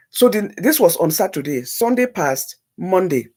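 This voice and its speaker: Husky woman telling a heartfelt story. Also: on the low side, normal speed. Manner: animated, repeats phrases for emphasis. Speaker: guest telling a personal story. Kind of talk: emotional personal storytelling.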